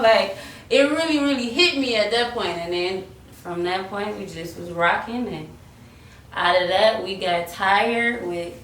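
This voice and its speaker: A young woman spins a lively storytime, voicing the people in it and breaking into snatches of melody. She sounds set back from the mic in a roomy space with a faint hiss underneath. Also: mid-range voice, measured pace, distant mic. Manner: animated, acts out quotes and slips into singing. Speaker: singer telling her story. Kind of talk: casual storytime chat.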